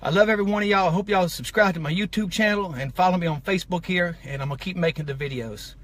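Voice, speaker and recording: A man's voice: sits high, fast, fairly bright tone. A man vlogger delivering an emotional, fired-up rant to camera, heated and repetitive.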